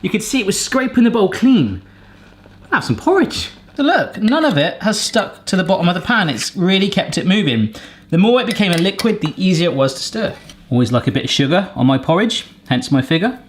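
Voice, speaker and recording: Lively, playful man reviewing gadgets. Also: high-pitched, brisk. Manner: playful, jokey, talks straight to viewers. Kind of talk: casual chatty vlog.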